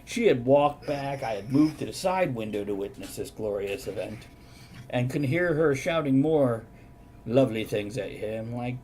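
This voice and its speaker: Sarcastic male streamer host, mid pitch, faint rumble behind. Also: lively intonation, normal speed, a little mellow. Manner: sarcastic, mock-documentary storytelling. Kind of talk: casual chat on a live stream.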